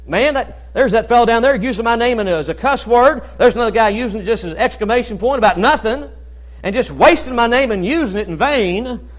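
A man's voice: very high-pitched, lively intonation, fairly quick. A man playing God in his sermon, complaining in a plain conversational way. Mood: exasperated. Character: God speaking in an everyday man's voice.

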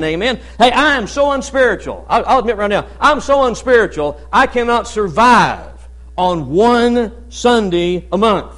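A male pastor preaching a Baptist sermon in a conversational way, often asking "amen?" and pausing with "uh". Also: high-pitched, lively intonation, fairly bright tone.

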